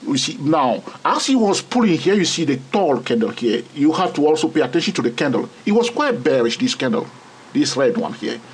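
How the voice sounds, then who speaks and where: Male trading tutor, husky voice, very lively pitch, keeps checking "okay?". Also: poor audio. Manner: repeats "all right?" and "okay?" often, pointing at charts. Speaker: trading instructor. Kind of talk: screen-recorded trading lesson.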